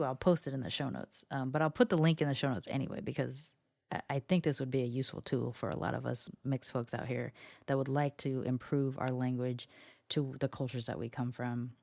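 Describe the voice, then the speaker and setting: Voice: medium pitch, gravelly, a little mellow, no echo, clean studio sound. A podcast host with a scratchy, just-woken voice, talking in a chatty, meandering solo monologue that often circles back mid-sentence. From United States.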